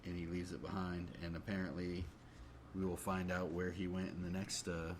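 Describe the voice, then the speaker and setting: Deep-voiced dude summing up a comic, slow and hesitant, slight hiss. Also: male voice. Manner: relaxed, hesitant, lots of fillers. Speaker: podcast co-host. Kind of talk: casual chat about comics.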